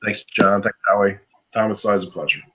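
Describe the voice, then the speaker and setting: A man's voice: on the low side, little pitch movement, brisk, dull audio. A man co-hosting a live video chat, easygoing as he thanks people. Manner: easygoing, gives shout-outs. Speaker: co-host. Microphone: video call.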